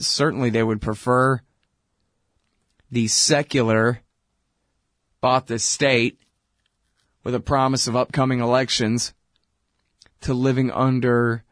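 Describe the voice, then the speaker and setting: A man's voice: mid-range voice, dry recording. A man hosting a radio commentary show, talking in a sarcastic, conversational and emphatic way into a close mic. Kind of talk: political commentary monologue.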